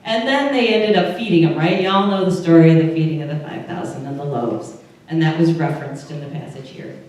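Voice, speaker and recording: A woman's voice: low voice, a little fast, a little mellow. A woman pastor with an Upper Midwest American accent, giving a conversational sermon and asking her congregation questions. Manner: chatty, asks the congregation questions. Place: church service room. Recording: very echoey room, voice from far off.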